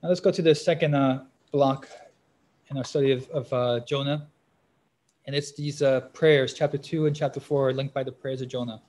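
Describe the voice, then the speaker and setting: A man preaching a sermon, pausing often on fillers and restarts, getting louder and more forceful when he reads scripture aloud. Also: mid-range voice, fairly even intonation.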